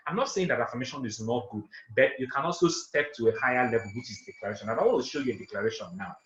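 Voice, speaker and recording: A man running an interactive online class, talking fast and emphatically, repeating points and asking for confirmation. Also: mid-range voice, a bit bright, reverberant, highs cut off, a little hiss or hum. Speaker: online trainer and coach. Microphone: video call.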